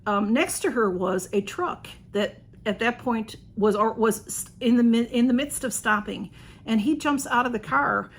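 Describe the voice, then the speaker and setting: Excited, rambling woman storyteller. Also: a little high, moderate pace. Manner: excited, rambling, with many restarts and fillers. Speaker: channel host. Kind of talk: casual storytelling.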